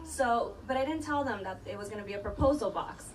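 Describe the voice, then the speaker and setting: A woman's voice: a little high, expressive, fairly quick. Chatty woman host, distant and noisy. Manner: chatty storytelling, laughs often. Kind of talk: live podcast panel talk.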